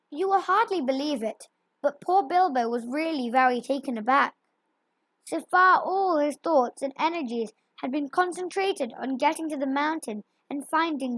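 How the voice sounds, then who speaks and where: A woman narrating a storybook chapter aloud with a steady, expressive reading. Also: high-pitched, no room sound. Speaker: audiobook reader.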